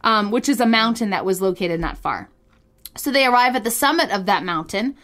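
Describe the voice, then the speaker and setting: A woman co-hosting a podcast, telling a story in casual chat, giggly and animated with lots of fillers. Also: mid-range voice, brisk, background noise. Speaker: podcast co-host.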